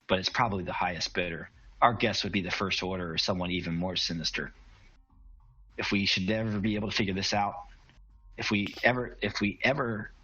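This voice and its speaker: A man playing a measured, formal Jedi master, giving his orders in a very deep, bright-edged voice. The sound is dull and lo-fi. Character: male Jedi master on a comlink, calm and formal.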